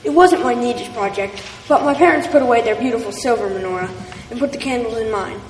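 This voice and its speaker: A woman's voice: fairly high pitch, fast talker. Woman reading a story from across a hall. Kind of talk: first-person story reading. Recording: distant voice in an echoey hall with faint noise.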